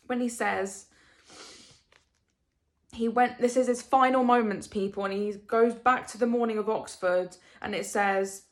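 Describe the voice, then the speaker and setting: A woman's voice: on the high side, steady tone, measured pace. A young woman vlogging a casual book review, rambling emotionally and asking rhetorical questions.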